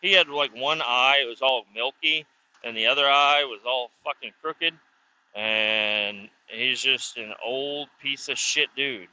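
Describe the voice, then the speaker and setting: A man's mid-range, bright, forceful voice comes through lo-fi audio at a measured pace. He's a vlogger recounting his life in a car as he drives, rambling casually, swearing a lot and chuckling occasionally.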